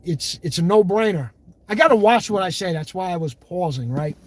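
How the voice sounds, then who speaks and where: A man's voice: high-pitched, lively intonation, moderate pace, dry recording. A man hosting a livestream, reading viewer comments in blunt, profane, fiery casual talk. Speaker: livestream host.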